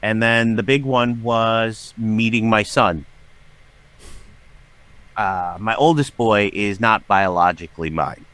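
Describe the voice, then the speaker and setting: Speaking slowly in a lowish, clean-toned voice, a forty-something writer and voice actor recounts personal stories on a podcast, playing out quoted people's voices with animated flair. The conversation is candid, and the recording is dry.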